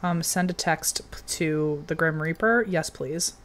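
A young woman giving casual commentary while playing a game, chatty and given to sudden excited outbursts. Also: low-pitched, measured pace. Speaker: game streamer.

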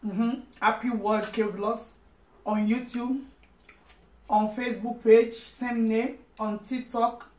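A woman's voice: on the high side, flat delivery, slow, a little mellow. Playful Nigerian woman hosting a mukbang. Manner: playful, laughs often, teasing, mixes in pidgin. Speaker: vlog host. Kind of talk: casual mukbang chat. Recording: roomy sound from a distant mic.

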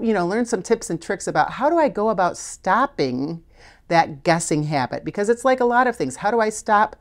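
A woman with a slightly low voice leads a recorded spelling lesson. She talks through patterns conversationally and keeps checking in with her learners to encourage them. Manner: encouraging, conversational teaching with frequent check-ins. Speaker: literacy teacher. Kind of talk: instructional video lesson.

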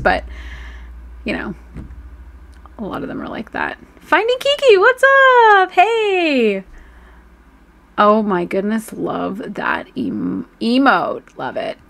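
A woman in her thirties hosts a casual live stream, reading chat messages aloud and reacting to them. Her voice has a gravelly, fry-laden edge. She swears freely and laughs easily. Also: mid-range voice.

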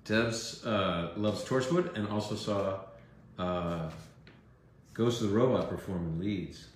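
A middle-aged man from the United States talks in a relaxed, rambling way, with lots of fillers and asides as he signs autographs. His voice sits low. The recording is very echoey, with a faint hum in the background. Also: slow pace. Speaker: actor signing autographs. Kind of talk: casual chat during a live autograph stream.

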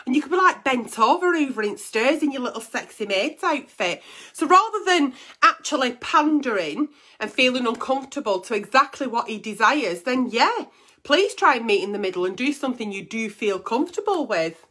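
A woman's voice: high-pitched, big pitch swings, normal speed, pushed and bright. A woman hosting an advice show, blunt and teasing, swearing freely in casual comic chat.

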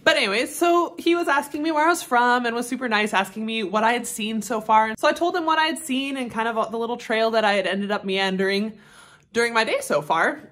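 A woman's voice: fairly high pitch, a little fast, fairly bright tone. A young Canadian woman, a travel vlogger, chatting about her trip in a casual, self-deprecating way. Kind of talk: casual storytelling vlog.

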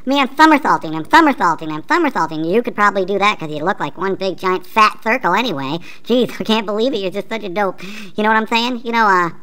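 A man voicing a hyperactive, annoying kid in a flash cartoon, talking in rapid taunting chatter. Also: sits high, lively intonation, sharp tone, clear, resonant tone. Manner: rapid taunting chatter, mocking sing-song.

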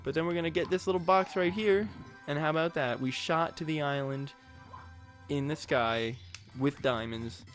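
A man's voice: fairly high pitch, moderate pace, fairly bright tone, soft background music. A man giving casual, jokey gameplay commentary as a let's play host, rambling with crude asides.

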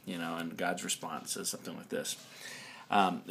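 In a dim indoor room, a video blogger with a deep, creaky, fairly bright voice talks casually to his camera mic about a Bible passage. He speaks at normal speed with a flat delivery, rambling through many ums and restarts, with a little hiss or hum in the audio.

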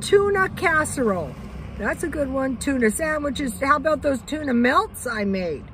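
A woman's voice: high voice, lively intonation, normal speed, background noise. An older woman vlogger chatting casually about living on a budget, rambling with lots of fillers.

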